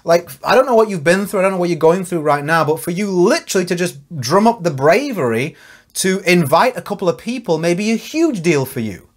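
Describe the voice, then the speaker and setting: A man with a slightly higher voice gives an earnest, encouraging motivational talk straight to camera. He coaches his listeners in a personal, conversational way, often restarting his sentences. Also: very animated, fairly quick. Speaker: network marketing coach.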